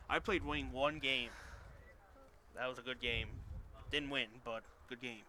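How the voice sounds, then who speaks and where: An easygoing man with a Newfoundland accent calls a rugby match live on the radio, trading banter with his co-host. His voice sits at an ordinary pitch. Steady outdoor noise runs under the recording. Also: measured pace. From Newfoundland, Canada. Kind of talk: live sports commentary.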